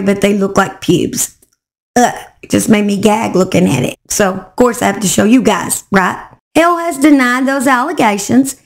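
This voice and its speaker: A woman, hoarse and cracking, chatting to viewers as she tells a true crime story. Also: a little high. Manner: chatty, talks straight to viewers.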